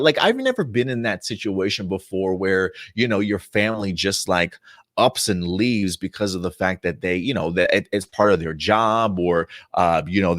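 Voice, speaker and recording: A man with a fairly low voice talks through a TV episode in a casual, animated review. His delivery is chatty and frank. The recording is dry, with no room echo. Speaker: show review host.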